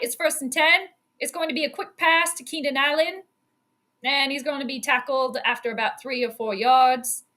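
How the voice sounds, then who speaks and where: A woman hosting casual live play-by-play football commentary, animated and quick to scold and laugh. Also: high voice. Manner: animated, exclaims and scolds the team, laughs often.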